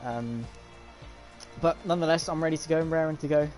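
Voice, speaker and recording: Chatty sim racing commentator. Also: male voice, on the high side, fairly quick, a little mellow, faint music behind. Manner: rambling, chatty banter between bursts of upbeat formal intro. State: tired but wired on caffeine. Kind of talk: live race-stream commentary.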